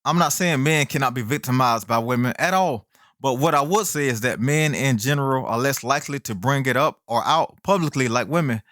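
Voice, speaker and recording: A man's voice: medium pitch, fairly bright tone, no echo, clean studio sound. A man hosting his own commentary channel, delivering an emphatic, indignant opinion monologue full of rhetorical questions and folksy asides to viewers.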